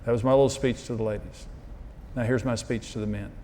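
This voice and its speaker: A man's voice: medium pitch, fairly even intonation, quick pace, dark tone, slight background noise. A middle-aged man preaching a humorous marriage sermon, storytelling in a folksy way and acting out quoted voices. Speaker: marriage teacher and pastor. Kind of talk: humorous sermon to a live audience.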